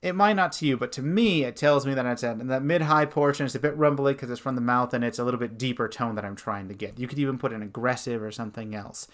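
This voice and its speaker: A man hosting a tutorial as a dungeon master, animated and breaking into demo voices as he explains. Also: medium pitch, quick pace, few pauses. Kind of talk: instructional video.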